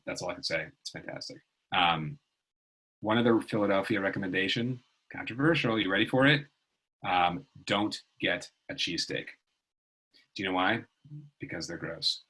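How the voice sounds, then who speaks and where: A man's voice: fairly low pitch, fairly bright tone, rough recording. A middle-aged man teaching a casual online writing lesson, chatty and rambling, with lots of fillers.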